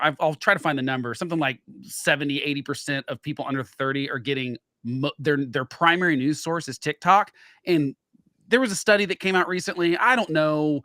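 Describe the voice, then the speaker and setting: A man's voice: fairly high pitch, a bit bright, no echo, clean studio sound. A man co-hosting a political talk show, arguing his point and cutting in on the others. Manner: argumentative, interrupts, talks over others. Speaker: co-host.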